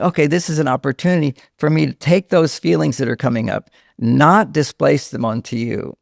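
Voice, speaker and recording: Older male counselor guest, gravelly voice, dry close mic, long explanations. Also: mid-range voice, dry recording. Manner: explains at length, drops to a hushed voice when quoting a scared child. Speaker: relationship counselor and author, guest. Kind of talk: conversational podcast interview.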